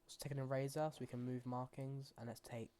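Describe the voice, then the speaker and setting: A man's voice: medium pitch, flat delivery, fairly quick, dark tone. A man hosting a gaming channel, talking to himself as he plays in loose, rambling commentary full of fillers and restarts. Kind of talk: casual gameplay commentary.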